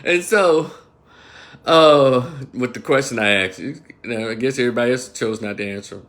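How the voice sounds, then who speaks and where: This Memphis, Tennessee livestreamer rants to his viewers in a mid-range, slightly bright voice at normal speed. He talks to them directly, heated and swearing often as he airs his opinions.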